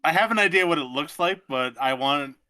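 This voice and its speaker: A man's voice: fairly high pitch, expressive, a little fast, pushed and bright. A man co-hosting a podcast, making teasing, wry asides in casual chat. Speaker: podcast co-host.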